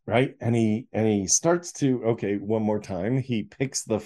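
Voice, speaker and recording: A middle-aged man with a low, mellow voice tells a personal story as an interview guest. He acts out the scenes as he goes and often breaks into laughter. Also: unhurried.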